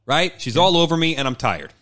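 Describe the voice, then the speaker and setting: A man acting as a put-upon husband in a counseling session, grumbling defensively about work and home. He talks fast and half-jokingly, and the sound is dry and close. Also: fairly high pitch, sing-song, fairly bright tone, dry recording, pitched above the performer's own voice. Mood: aggrieved. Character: angry stressed husband seeking counseling, adult man.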